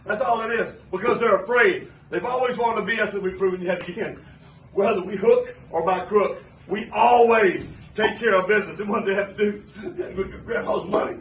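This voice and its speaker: Wrestler guy talking trash calm and steady, higher voice, roomy far-off sound. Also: a little fast, a little hiss or hum. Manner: steady, taunting, boastful. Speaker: pro wrestler. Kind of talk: wrestling promo. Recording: roomy arena mic from a distance.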